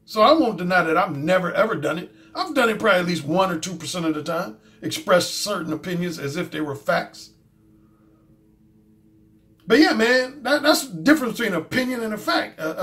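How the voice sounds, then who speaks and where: A man's voice: high voice, fairly bright tone. Blunt, profane man talking. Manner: blunt, profane, repeats himself. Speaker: dating coach and YouTube host. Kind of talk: casual monologue commentary.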